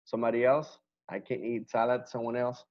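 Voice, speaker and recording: A man's voice: mid-range voice, little pitch movement, a little fast, a little mellow, muffled recording. A man teaching an online English class, patiently repeating words to drill pronunciation.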